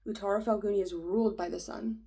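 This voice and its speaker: Young woman muttering thru an astrology chart, lots of likes and ums, soft warm voice, whispers sometimes. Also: mid-range voice, fairly even intonation, fast talker, rough recording. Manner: rambling, hesitant, easily frustrated, often drops to a whisper. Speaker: astrology reader. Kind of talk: casual astrology vlog, thinking aloud.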